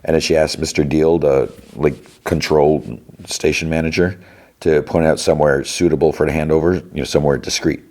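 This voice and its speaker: A man hosting a podcast, casually retelling TV scenes in a rambling, halting way. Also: a bass voice, flat delivery, a little mellow. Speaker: podcast host. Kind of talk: casual TV episode recap.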